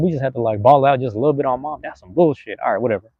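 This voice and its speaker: Husky and mid-range, the voice races along very fast over narrow, tinny audio from a dry recording. It belongs to a young West Coast American man who hosts podcasts and live streams, delivering a laid-back, meandering monologue thick with slang and swearing.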